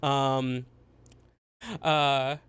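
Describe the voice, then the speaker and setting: A man narrating as game master, halting with many fillers and restarts. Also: mid-range voice, little pitch movement, a bit bright, clear, resonant tone.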